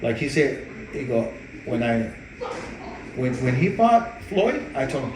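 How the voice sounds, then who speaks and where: A man guesting as a boxing trainer, telling gym stories with plenty of swearing and restarts. His voice sits at a middle pitch and sounds roomy, with a noticeable background noise. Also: measured pace. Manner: profane, animated, repeats words while telling stories. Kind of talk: casual interview storytelling.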